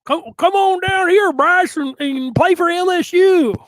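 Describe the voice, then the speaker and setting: A man's voice: unhurried, a bit bright, no room sound. A man putting on a mocking impression of a football coach, with an exaggerated fake Southern accent. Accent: put-on Southern US. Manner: mocking, exaggerated sales pitch. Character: a rival football coach mocked with a fake drawl.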